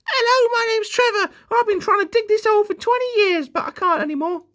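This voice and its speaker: A man voicing a tired toy digger driver who complains in a squeaky voice. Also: fairly quick, sharp tone. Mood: weary. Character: weary old digger driver.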